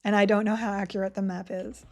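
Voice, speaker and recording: A woman's voice: medium pitch, level tone, fast talker. A young adult woman streaming a game live, chatting casually, giggling and reading chat aloud.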